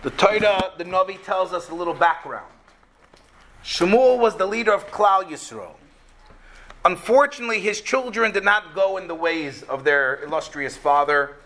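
High, bright-voiced man teaching Torah. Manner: animated, acts out quotes. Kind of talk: Torah class.

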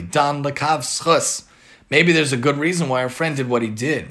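A man's voice: a little high, moderate pace, fairly bright tone. A man earnestly giving a religious moral lesson and reading a story aloud. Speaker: religious teacher.

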